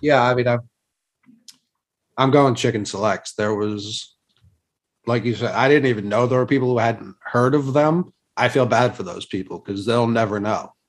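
A man's voice: medium pitch, moderate pace. A man on a podcast panel, chatting casually with a wry, joking manner. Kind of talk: casual chat.

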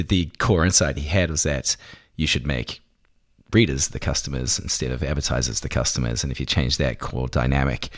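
Man, very deep voice, relaxed storytelling, conversational, interview guest.

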